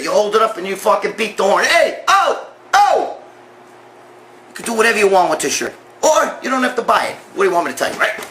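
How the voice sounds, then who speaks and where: A middle-aged man, giving a blunt, profane gym pep talk that grows loud and excited as a bodybuilding vlog host. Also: high-pitched, a little hiss or hum. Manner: blunt, swearing, repeats himself, growing loud and excited. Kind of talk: profane motivational gym rant.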